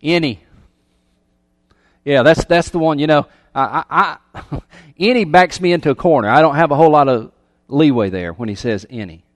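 A pastor whose voice sits on the high side preaches at a moderate pace, addressing questions to listeners and often repeating words in a conversational style. The sound is clean studio quality with no room sound.

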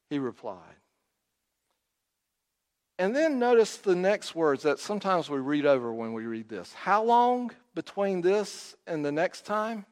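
A man preaching a sermon, telling the story dramatically and swinging from loud to quiet. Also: sits high, big pitch swings, measured pace, pauses often. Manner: storytelling, acts out quotes, rises and drops in volume. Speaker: pastor. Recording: long hall reverb.

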